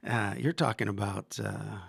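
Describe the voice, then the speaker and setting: A man's voice: fairly low pitch, moderate pace, vocal fry, fairly bright tone, slightly rough, dry recording. A man in his fifties, a football coach hosting a podcast, telling long stories in a rambling way, with many fillers and restarts. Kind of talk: casual storytelling interview.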